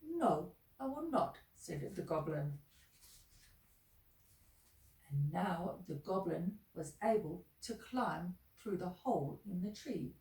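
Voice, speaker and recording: A woman reading a children's story aloud in an expressive, sing-song way. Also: fairly low pitch, unhurried, few pauses. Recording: echoey room, mic at a distance.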